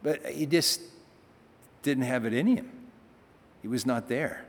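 A man's voice: medium pitch, slow pace. A male pastor giving a conversational sermon, reading scripture and then explaining it, with emphatic passages. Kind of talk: sermon, Bible teaching. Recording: reverberant hall.

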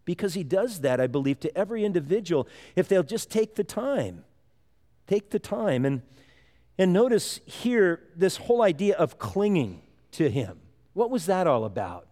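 A man's voice: high-pitched, very animated, moderate pace, warm tone. A middle-aged man preaching a sermon in a conversational, folksy way, acting out little quotes as he goes. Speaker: pastor. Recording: long hall reverb.

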